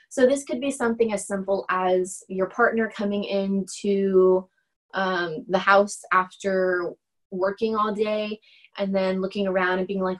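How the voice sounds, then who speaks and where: A woman instructor talks through a lecture in a relaxed, conversational way. Her voice sits at a middle pitch for a woman. She keeps checking in with her listeners and slips into lively voices to act out examples. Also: low-quality recording. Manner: conversational, often checks in with "right?"; acts out example dialogue in animated voices. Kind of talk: casual recorded lecture.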